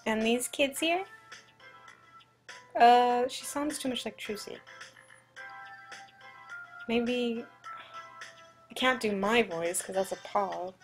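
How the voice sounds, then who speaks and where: A high-voiced woman commentates as she plays a video game, chatty and quick to get excited, often making fun of herself. She talks at an easy, unhurried pace over faint background music. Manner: chatty, excitable, self-deprecating. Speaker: let's play commentator.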